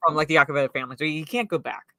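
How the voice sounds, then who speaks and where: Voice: medium pitch, very fast, bright, forceful tone, no room sound. A podcast co-host in casual movie discussion, rambling with lots of "like" and restarts. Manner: rambling, heavy use of "like".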